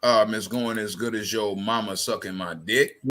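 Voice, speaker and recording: A man's voice: fairly low pitch, fairly even intonation, normal speed, sharp tone. A man hosting a call-in live stream, confrontational and profane, often repeating his phrases.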